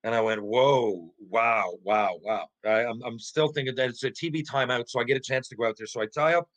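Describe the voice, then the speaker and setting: A man's voice: fast, poor audio. A middle-aged man tells a rambling, salty story in an easy podcast chat. His voice sits in an ordinary middle range, and he stumbles and restarts as he goes. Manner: lively, profane, stumbling restarts, jumps into high voices for quotes. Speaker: podcast guest, former pro hockey player. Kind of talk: casual storytelling anecdote.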